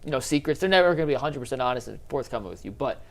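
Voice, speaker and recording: A man's voice: mid-range voice, expressive, very fast, gravelly. A man hosting a sports talk show, speaking in a conversational, emphatic way. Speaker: host.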